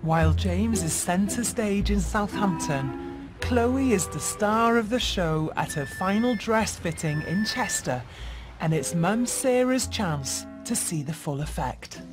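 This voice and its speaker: A woman giving measured documentary narration. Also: medium pitch, expressive. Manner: clear, measured. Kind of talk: scripted narration. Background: music.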